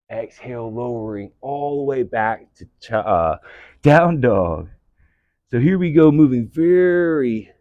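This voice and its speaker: A man teaching yoga, giving calm breath-paced cues and gentle encouragement, out of breath. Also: mid-range voice, no echo, muffled recording. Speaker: yoga instructor. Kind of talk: guided yoga cueing.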